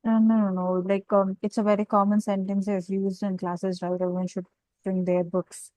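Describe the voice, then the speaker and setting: A woman's voice: mid-range voice, level tone, normal speed, warm tone, dry recording, low-quality recording. A woman taking part in a grammar session, giving short acknowledgements and brief questions. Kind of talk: casual discussion.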